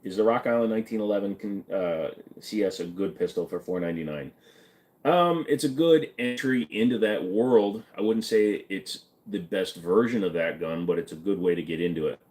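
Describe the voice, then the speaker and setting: A man's voice: fairly low pitch, moderate pace, a little mellow. A man hosting a live stream, reading viewers' questions aloud and answering them in a blunt, joking way. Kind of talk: casual live-stream chat.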